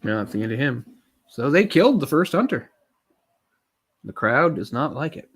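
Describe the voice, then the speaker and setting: A man's voice: medium pitch, sing-song, normal speed. A man giving casual live commentary on a film while feeling unwell, rambling in chatty asides with lots of fillers. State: unwell, keeps swallowing.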